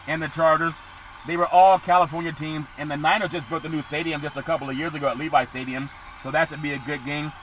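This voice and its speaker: A man talking sports on his podcast, running casually through the upcoming football games. His voice sits a touch on the high side, and he breaks into jokey, louder bursts now and then. Street traffic rumbles clearly behind him outdoors. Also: fairly even intonation, fast, low-quality recording. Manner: rambling and jokey, with loud bursts.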